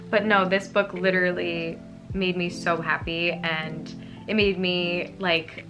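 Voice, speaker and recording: A woman's voice: on the low side, slow pace. Young woman rambling about books, lots of likes and ums, music playing under her. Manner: rambling, filler-heavy, animated and emotional. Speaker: book YouTuber. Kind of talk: casual chatty vlog.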